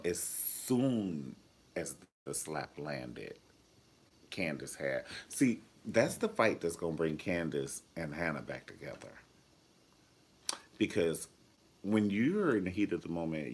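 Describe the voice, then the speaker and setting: Man, deep voice, animated, sassy, profane, TV recap vlog. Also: takes it slowly, husky. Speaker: TV show reviewer. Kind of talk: casual review vlog.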